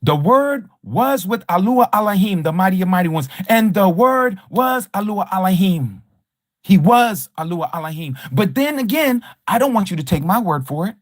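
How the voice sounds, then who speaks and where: A man's voice: sits high, very animated, normal speed, no room sound, clean studio sound. A man teaching scripture on a livestream, speaking emphatically and rhetorically, repeating key phrases and challenging a rival teacher. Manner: combative toward a rival teacher. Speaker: Bible study teacher.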